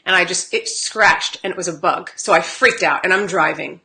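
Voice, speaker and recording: A woman card reader chatting live with viewers, telling stories in an animated, laughing way. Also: on the low side, moderate pace, vocal fry. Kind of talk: live-stream chat with viewers.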